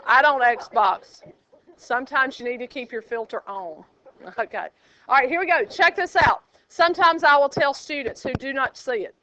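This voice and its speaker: A woman teaching a high school math class, chatty and joking, quizzing her students as she goes. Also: expressive, moderate pace, sharp tone, dull audio, a little hiss or hum. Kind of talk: classroom lecture.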